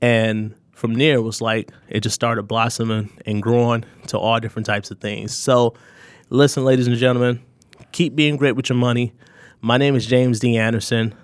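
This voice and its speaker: A man's voice: medium pitch, no echo. A man hosting his own podcast, talking straight to listeners in an earnest, heartfelt, motivational way. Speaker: podcast host. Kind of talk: solo podcast thank-you message.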